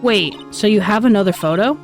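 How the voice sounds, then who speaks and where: A woman voicing a curious young woman sidekick in a quick, questioning tone. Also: mid-range voice, faint music behind, lightly acted.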